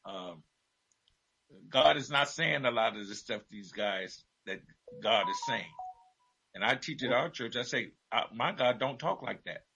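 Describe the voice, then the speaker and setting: A man's voice: on the low side, measured pace, pauses often, bright, forceful tone, breathy edge, dull audio. A man who teaches at his church, talking casually about faith and often affirming the host with short interjections.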